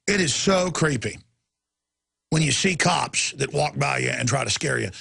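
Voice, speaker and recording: A man's voice: mid-range voice, lively intonation, moderate pace, vocal fry, bright, forceful tone, slightly rough. A man hosting a talk show, delivering an angry, impassioned rant in a heated, emphatic way.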